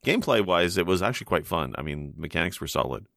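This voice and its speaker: A man's voice: sits low, sing-song, fast talker, vocal fry, a bit bright, dry recording, clean studio sound. A man in a casual roundtable chat about games, recalling them in a laid-back, reflective way.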